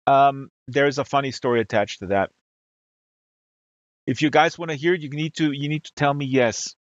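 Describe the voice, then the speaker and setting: A man's voice: medium pitch, moderate pace, no room sound, muffled recording. A man from Germany, hosting a livestream and telling a long story to his chat, with lots of fillers and restarts. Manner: rambling, many fillers and restarts. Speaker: livestream host. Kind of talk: casual storytelling to a live chat.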